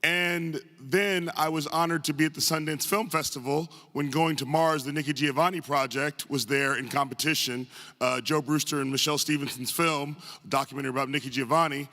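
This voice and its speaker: A man's voice: a little high, fairly even intonation, fairly quick, bright, forceful tone. A man from the northern United States giving a humorous, self-deprecating speech at a tribute event, full of chatty asides. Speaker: guest speaker at a tribute event. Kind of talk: humorous anecdotal speech to a live audience. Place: large arts center auditorium. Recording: live hall reverb.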